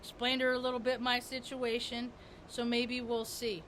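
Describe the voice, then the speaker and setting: A woman's voice: a little high, little pitch movement, normal speed, fairly bright tone, slight background noise. A woman vlogger talking in a rambling spiritual monologue, repeating and restarting her words with emphasis.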